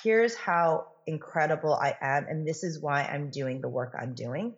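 A woman author as a podcast guest, talking in an energetic coaching tone and acting out the voices she quotes. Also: low voice, measured pace, highs cut off. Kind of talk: conversational podcast interview.

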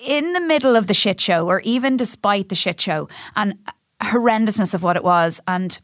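A woman hosting a casual podcast chat, talking in a quick, chatty, easily amused way. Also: mid-range voice, no room sound, clean studio sound. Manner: fast, chatty, laughs easily. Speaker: podcast host.

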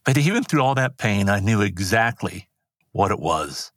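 Older male guest, rodeo announcer type, low-pitched, dry close sound, earnest storyteller. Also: very animated, moderate pace, a bit bright, no echo. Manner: earnest, rambling anecdotes with restarts. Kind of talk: personal storytelling interview.

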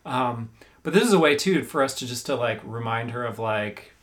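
A man's voice: mid-range voice, lively intonation, moderate pace, a bit bright. A man co-hosting a parenting podcast, speaking hesitantly with frequent fillers. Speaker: podcast co-host. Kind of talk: casual parenting podcast chat.

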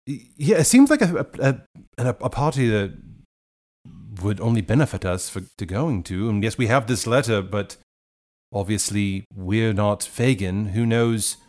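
A man at a tabletop game who jokes and teases his fellow players, then plans in character. His pitch swings lively up and down. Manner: joking, animated.

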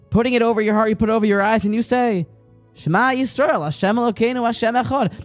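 A man from Virginia giving a folksy, storytelling Torah talk and speaking straight to his listeners. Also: sits high. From Virginia, American South. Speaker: Torah teacher.

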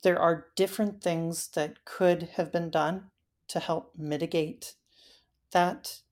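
A woman as an interview guest, telling her story in a halting way with frequent fillers. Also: fairly low pitch, fairly even intonation, a little mellow. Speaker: interview guest recounting a hike.

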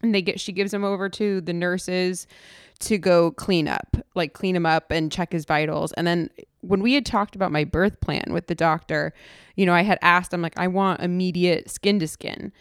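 A young woman tells a personal story with emotion, stumbling through fillers and restarting her sentences. Her voice sits a little low and sounds smooth. The recording is dry and close, with no room sound. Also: fairly even intonation, moderate pace, no room sound. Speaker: podcast host.

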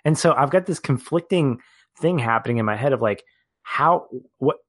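A man co-hosting a podcast, talking through a film in casual discussion, animated at times and laughing as he reflects. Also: medium pitch, normal speed, dry recording. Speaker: podcast co-host.

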